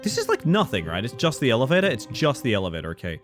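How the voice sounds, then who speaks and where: An Australian man commentating his own horror game stream, his pitch leaping up and down as he jokes with his chat. He rambles and mocks himself, flipping between silly bits and dry asides. Faint music plays underneath him. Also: quick pace. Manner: playful, rambling, self-mocking, swings between goofy and deadpan. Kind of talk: casual live-stream commentary.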